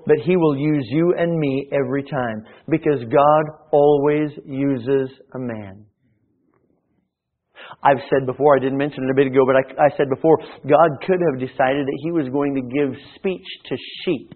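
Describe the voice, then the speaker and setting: A man's voice: on the high side, steady tone, moderate pace. A man preaching a sermon as pastor, swelling in volume at times and often restarting his phrases. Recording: tinny phone-like sound.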